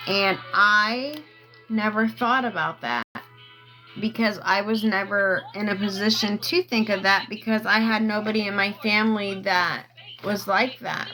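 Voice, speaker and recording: A woman's voice: mid-range voice, bright, forceful tone, rough recording. A woman chatting casually on a livestream, rambling through a personal story and asking viewers for gifts. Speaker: TikTok live streamer.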